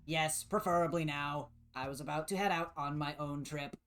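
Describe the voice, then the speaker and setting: A man plays a male robot scavenger in a tabletop game, pitched a little above his usual voice. He speaks stiffly and formally, never shortening his words. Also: fairly even intonation, moderate pace, fairly bright tone, close to an everyday voice. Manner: stiff, formal speech without contractions.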